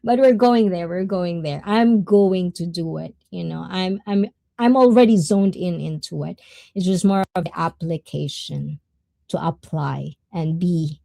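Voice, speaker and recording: A woman hosts a casual livestream, talking to her viewers and greeting them as they arrive. Her voice is mellow and unhurried. The sound is close and dry. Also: lowish voice, vocal fry, dry recording. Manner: chatty, greets chat viewers, mixes in Tagalog words. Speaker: livestream host. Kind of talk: casual livestream talk to chat.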